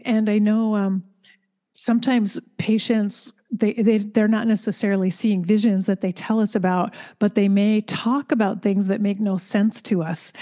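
A woman's voice: medium pitch, dark tone. A woman in healthcare who was once a caregiver, talking in an earnest, chatty way as she shares stories. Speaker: healthcare professional and former caregiver. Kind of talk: conversational storytelling.

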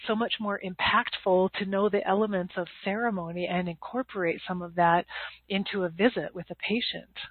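A woman doctor asks questions in a thoughtful, measured way during a casual interview. Her voice is a little husky. The sound is dry and thin, like a phone line. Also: mid-range voice, steady tone, dry recording.

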